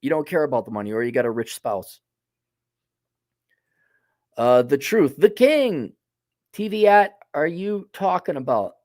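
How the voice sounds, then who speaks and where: A man holds forth in a loose solo monologue, blunt and sardonic, with plenty of profanity. His voice sits a little above the usual male pitch. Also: expressive, measured pace, pauses often, darkish tone, no room sound, studio quality. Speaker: host. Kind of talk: casual opinion monologue.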